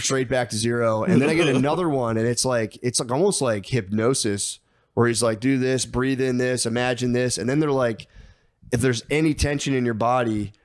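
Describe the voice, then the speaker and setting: A man's voice: medium pitch, no room sound. Young male podcast co-host, casual storyteller, profane and rambling, lots of restarts, dry close sound. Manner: rambling, profane, stammering restarts, acts out his own thoughts.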